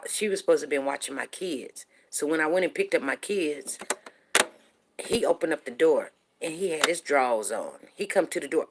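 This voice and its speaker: A woman with a low voice tells a story from her own life in a loose, chatty way. She is middle-aged and animated, doubles up her words, and keeps checking in with her listeners. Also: husky. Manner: animated, repeats words, asks listeners "you know what I'm saying". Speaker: show host telling a personal story. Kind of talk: casual storytelling to viewers.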